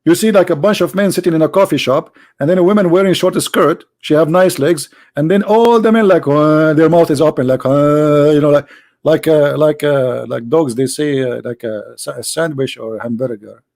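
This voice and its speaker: A man's voice: a little high, normal speed, darkish tone. A man hosting a live-streamed debate who talks in a mocking, sarcastic and theatrical way. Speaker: debate host.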